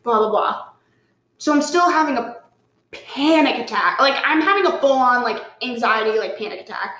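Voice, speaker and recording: A woman's voice: high-pitched, brisk. A woman guest telling a story in casual chat, full of "like" and swearing, acting out what people said. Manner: animated, swearing, lots of "like", acts out quotes. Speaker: podcast guest. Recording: roomy echo.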